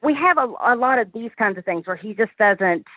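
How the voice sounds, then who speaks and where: A woman caller asking for advice, talking in a hesitant, halting way with many restarts. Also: fairly high pitch, expressive, dry recording. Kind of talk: call-in advice conversation. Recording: tinny phone line.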